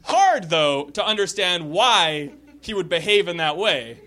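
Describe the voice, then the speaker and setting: A man performing a stand-up set on a comedy club stage, telling a quick, wry story. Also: sits high, sing-song, pushed and bright. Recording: live club recording, crowd noise.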